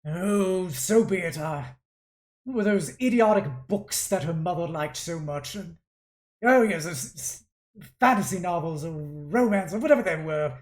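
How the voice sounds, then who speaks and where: A woman's voice: lowish voice, expressive, unhurried. A woman voicing a cold, scheming male artificer lord who talks down to his daughter. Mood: irritated. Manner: dismissive, condescending.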